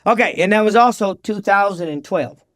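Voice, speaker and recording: A man, a podcast guest, telling his recovery story in an animated, slangy way and acting out the dialogue. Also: high-pitched, a little fast, dry recording, studio quality.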